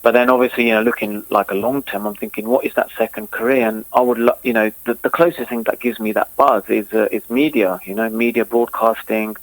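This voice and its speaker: A man from England, a former cricketer, talking in a casual interview with a halting delivery full of restarts and fillers. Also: on the low side, little pitch movement, no room sound, low-quality recording. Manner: halting, repeats words, many fillers.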